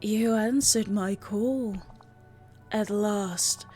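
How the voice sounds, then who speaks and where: A woman voicing a frail old woman, a weakened spirit in a book, speaking slowly and weakly. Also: medium pitch, fairly even intonation, mellow, slightly rough, faint music behind, pitched below the performer's own voice.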